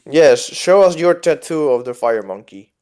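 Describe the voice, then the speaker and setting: Brief: male co-host, smooth clear voice, relaxed and teasing, casual banter. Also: on the high side, a little slow. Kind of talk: casual game commentary.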